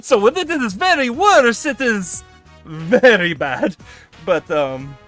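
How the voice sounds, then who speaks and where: During a casual live stream, a man chats in a put-on character voice he uses for his persona, laughing often and swearing freely. His voice sits high and sounds animated, bright, and forceful, though his pace is slow. Faint music plays behind him.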